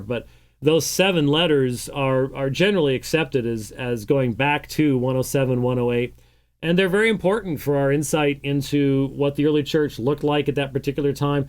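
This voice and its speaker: A man's voice: medium pitch, a little mellow. A man hosting a call-in program, taking phone calls and explaining points at length with many "uh" fillers. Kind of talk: call-in radio talk and teaching.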